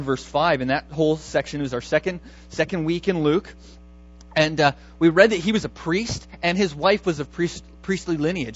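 Conversational pastor with a muffled sound. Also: male voice, on the high side. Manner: conversational, thinking aloud with many restarts. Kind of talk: sermon.

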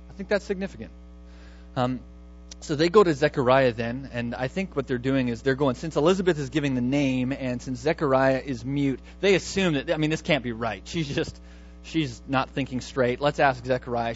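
A man's voice: medium pitch, highs cut off. A man preaching a sermon in a conversational, emphatic way, often restarting his words. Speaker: pastor.

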